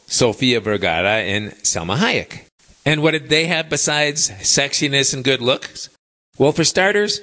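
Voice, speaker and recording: A man's voice: mid-range voice, pushed and bright. A middle-aged man hosting a podcast, delivering a chatty, opinionated monologue full of rhetorical questions. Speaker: podcast host.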